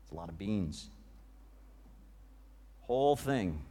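A male preacher giving a sermon, retelling a scene with dramatic, vivid storytelling that often drops to a hush. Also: sits low, animated, slow pace, breathy edge.

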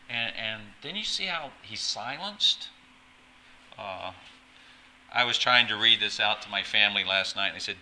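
A male pastor with a low voice and a sharp, tense edge gives a casual, talky sermon. He restarts phrases and doubles words often, then drifts into friendly asides. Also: a little slow, slight background noise, low-quality recording. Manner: hesitant, repeats words, chatty asides. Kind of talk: conversational sermon.

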